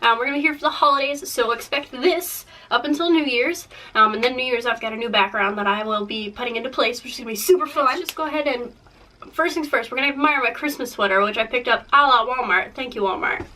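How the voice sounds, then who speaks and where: A young woman getting over a cold, chatting casually to camera about makeup, rambling and self-deprecating, clearing her throat often. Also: on the high side, fast, bright, forceful tone, distant mic, low-quality recording. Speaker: beauty vlogger. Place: room in a house.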